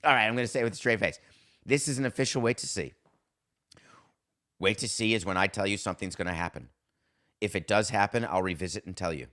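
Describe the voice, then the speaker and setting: A man hosting a sports podcast, delivering a sarcastic, animated, worked-up opinion monologue. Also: fairly low pitch, fast, long pauses. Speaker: podcast host.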